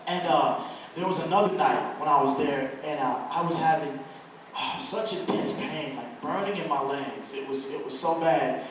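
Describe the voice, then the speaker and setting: A young man earnestly telling his personal testimony to an audience, halting often and restarting his sentences. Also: a little high, fairly bright tone, a little hiss or hum. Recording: echoey room from far off.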